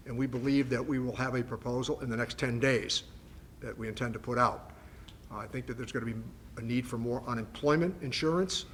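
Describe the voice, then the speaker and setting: An older man, a congressman, giving measured, emphatic press conference remarks on a factory floor, with frequent fillers and restarts. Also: mid-range voice, fairly bright tone, slight background noise.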